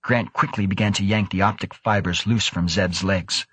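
A man narrating a science fiction audiobook in a measured, even storytelling manner. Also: low-pitched, slightly rough, no room sound. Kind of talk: scripted narration.

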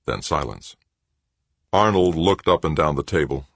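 A man reading a novel aloud as narrator, in a measured, even storytelling manner. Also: very deep voice, gravelly, no room sound. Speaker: audiobook narrator. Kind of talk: scripted narration.

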